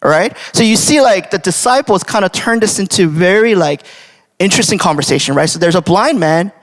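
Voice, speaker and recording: A young man preaches a casual devotional sermon in a church sanctuary, talking conversationally with many fillers and frequent "right?" checks. His voice is high-pitched, expressive and fairly quick. The recording carries long church hall reverb.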